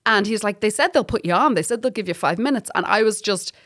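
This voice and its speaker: A woman in her thirties with an Irish accent, a stand-up comic chatting as a guest, telling lively stories with frequent laughs and swearing. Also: medium pitch, quick pace, dry recording, clean studio sound. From Ireland. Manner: lively storyteller, laughs often, swears freely. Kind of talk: casual chat.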